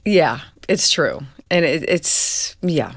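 A woman with a strong New York accent and a deep, slightly gravelly voice tells stories candidly. The sound is dry and close, with no room around it. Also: big pitch swings, slow, no room sound. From New York, Queens. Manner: candid, laughing storyteller. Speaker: guest actress. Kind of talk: casual interview chat.

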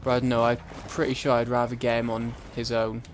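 A man's voice: medium pitch, completely flat delivery, fast, slight background noise. A young man hosting a let's-play, chatting casually and swearing freely as he plays. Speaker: gaming channel host.

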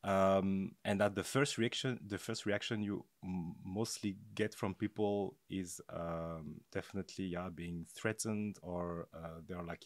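A man speaking as a guest on a podcast, hesitant and full of pauses and fillers. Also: low voice, steady tone, no echo. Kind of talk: casual conversation.

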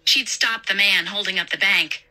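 A woman narrating a suspenseful horror story in a measured storytelling voice. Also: medium pitch, pushed and bright, low-quality recording.

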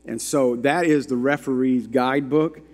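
A man's voice: medium pitch, fairly even intonation, moderate pace, a little mellow. A man preaching a sermon to his congregation, telling a story and putting emphatic questions to the listeners. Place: church sanctuary. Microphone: handheld or stand microphone. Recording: long hall reverb in a church.

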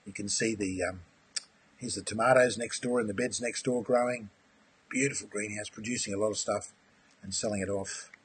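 A man's voice: on the low side, steady tone, normal speed, a little hiss or hum. A man presenting a live aquaponics webinar, friendly and enthusiastic, answering viewers' questions and calling them mate. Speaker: aquaponics course instructor.

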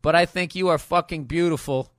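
A forceful, middle-aged man hosts a comic advice podcast, reading letters and mocking them in loud, profane riffs. His voice sits fairly high and comes through on a dry, close studio mic. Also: fairly quick, dry recording. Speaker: podcast host.

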